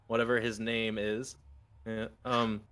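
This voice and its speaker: A man running a tabletop game as game master, narrating in a halting way with many fillers. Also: fairly low pitch, flat delivery, fairly bright tone, clear, resonant tone.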